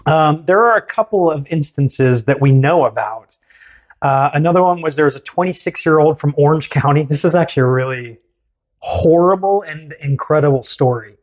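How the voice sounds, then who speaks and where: A podcast host telling a story in casual chat, animated and sarcastic. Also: medium pitch, moderate pace, highs cut off.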